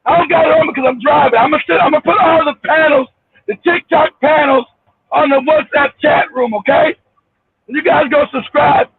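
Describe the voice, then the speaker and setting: A man hosting a casual livestream from his car, ranting loudly and profanely, laughing and shouting as he tells a story. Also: very high voice, vocal fry. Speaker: show host. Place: car, driving. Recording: tinny phone line with faint hiss.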